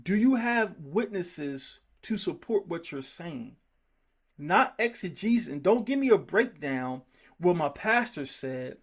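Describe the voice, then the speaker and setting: Here a man with a high-pitched, slightly rough voice talks slowly as he teaches a Bible study group. He's animated and emphatic, and he gets worked up as he goes.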